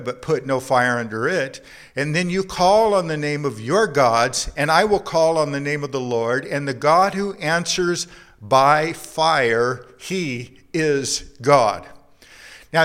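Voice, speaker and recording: A man preaching a sermon, reading scripture and acting out the voices in the story, dropping to a hush for emphasis. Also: fairly high pitch.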